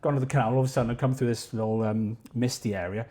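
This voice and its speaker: Guy rattling off a story quick, swears a lot, acts out what everyone said. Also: medium pitch. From South Wales. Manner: animated, swears freely, acts out his own quotes. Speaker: podcast guest, ultra runner. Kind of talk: casual storytelling.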